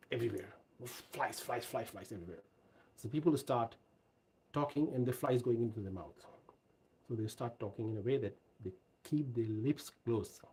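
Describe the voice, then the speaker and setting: Husky-voiced man giving animated career advice. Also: mid-range voice. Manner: animated storytelling, emphatic. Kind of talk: casual live Q&A talk.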